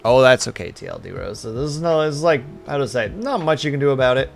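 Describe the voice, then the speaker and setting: Gravelly, lively male streamer. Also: mid-range voice, fast, soft background music. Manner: rambling, talks to chat. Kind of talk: casual live-stream chat.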